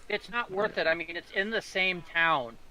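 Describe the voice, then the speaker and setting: A man chatting casually with friends while playing an online game, in relaxed, matter-of-fact banter. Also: high voice, normal speed, a little hiss or hum, low-quality recording.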